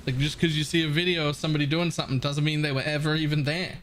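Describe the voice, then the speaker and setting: A man's voice: a little high, little pitch movement, very fast, fairly bright tone. A young adult man, a streamer, giving blunt, casual gameplay commentary and swearing freely.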